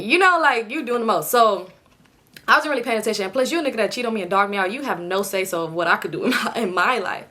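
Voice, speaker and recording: A young woman telling a storytime in a blunt, animated, slangy way. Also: a little high, fast talker. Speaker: storytime vlogger. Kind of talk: casual storytime chat.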